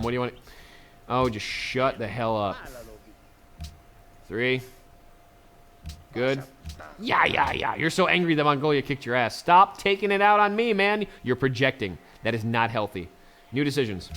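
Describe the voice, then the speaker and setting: A man's voice: mid-range voice, a bit bright. A man casually commenting on his strategy game, chatty and laughing often, talking to the units on screen. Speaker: let's play gamer.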